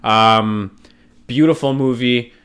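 A rambling, profane podcast host, a man from Poland, talks in loose casual chat. He swears for emphasis and piles on fillers. His voice sits at an ordinary middle pitch. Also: slow, a bit bright, clean tone.

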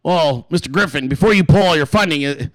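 A man's voice: fairly high pitch, a little fast, no echo, voice pushed down, natural voice, rough recording. A man doing a stammering, nervous staffer. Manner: hesitant, stammering. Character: nervous male campaign staffer, stammering and placating.

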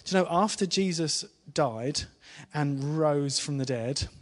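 A man's voice: a little high, unhurried. Chatty man preaching to a congregation. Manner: chatty, asks the congregation questions, with small laughs; drops to a hushed, softer voice when retelling the story. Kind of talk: informal church talk. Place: live church gathering with congregation.

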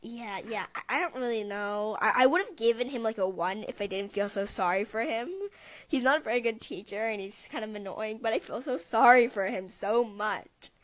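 A woman co-hosting a casual podcast, talking in an excitable, emphatic way. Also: a little high, no echo. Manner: excitable, emphatic, quick to exclaim. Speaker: podcast co-host.

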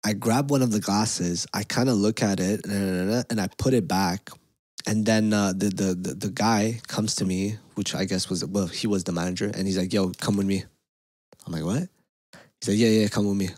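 A man, co-hosting a podcast and telling animated, profane stories in casual chat. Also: lowish voice, moderate pace, no echo. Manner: animated, swears a lot, acts out quotes. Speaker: podcast co-host.

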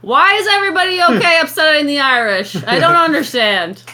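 A woman's voice: high-pitched, expressive, sharp tone. A woman playing in a tabletop game who laughs often and draws her words out as she chats. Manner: laughs often, drawn-out speech. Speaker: player. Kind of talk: casual tabletop game chat.

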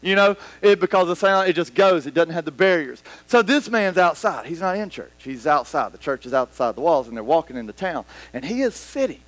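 A man preaching a sermon to a congregation in a church hall, animated and rambling, acting out scenes as he goes. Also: a little high, fairly quick, hardly any pauses. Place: church hall with about a hundred people. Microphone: microphone.

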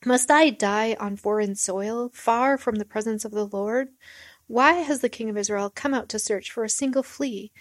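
A woman's voice: a little high, moderate pace, no echo, close to an everyday voice. A woman reading aloud the lines of a young male warrior-king, giving them raised emphasis. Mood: pleading.

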